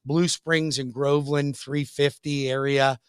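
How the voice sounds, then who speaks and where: A middle-aged man hosting a radio show, giving a pushy, folksy, emphatic sales pitch that repeats points for emphasis. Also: level tone, measured pace, clean tone, no echo, clean studio sound. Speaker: radio show host and mortgage lender. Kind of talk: hard-sell radio pitch.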